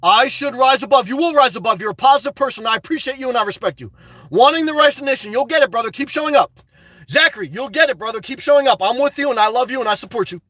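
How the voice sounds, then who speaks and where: A man live-streaming, chatting to viewers in a high-energy, effusive way as he answers their messages. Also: expressive, fast talker, bright, forceful tone, no room sound. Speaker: live streamer reading chat and donations. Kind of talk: casual live-stream chat.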